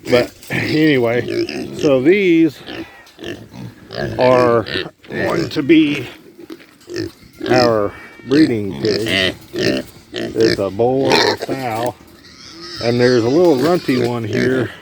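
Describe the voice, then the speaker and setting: A man's voice: medium pitch, very slow, vocal fry, long pauses, over a noisy crowd. A middle-aged man casually narrating his farm chores outdoors, rambling with lots of fillers, recorded on a handheld camera. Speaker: homesteader vlogger. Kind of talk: casual vlog narration while doing chores. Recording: noisy outdoor camera audio. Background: animals and a vehicle.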